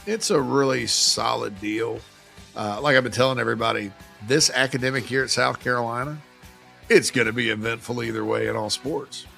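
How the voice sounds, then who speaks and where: Gravelly bright-voiced male sports host. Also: medium pitch, soft background music. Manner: chatty and joking, quick asides. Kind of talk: casual sports talk.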